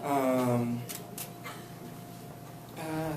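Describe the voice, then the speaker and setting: Young male poet at a live reading: slow, even delivery on the poems, loud brash cursing banter in between; captured from far off in a noisy, echoey room. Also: medium pitch. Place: indoor reading event.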